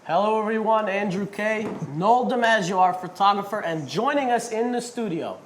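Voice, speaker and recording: High-voiced upbeat interview host man. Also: moderate pace, heavy background noise. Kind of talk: casual interview hosting. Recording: echoey studio.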